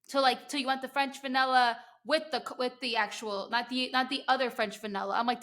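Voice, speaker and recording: A high-pitched young woman from New Jersey, with the accent to match, hosts a podcast in a casual interview-chat style. She tells stories animatedly, sprinkling in lots of "like"s and quick laughing asides.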